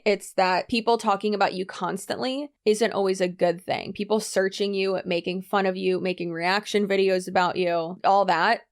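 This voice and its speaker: A woman hosting a reaction commentary channel, sarcastic and exasperated as she picks apart clips. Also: medium pitch.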